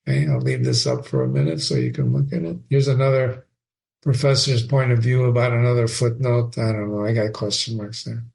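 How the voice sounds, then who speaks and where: A man's voice: medium pitch, expressive, fairly quick, darkish tone. A man hosting a reading, explaining a play in a casual way, asking questions and thinking aloud.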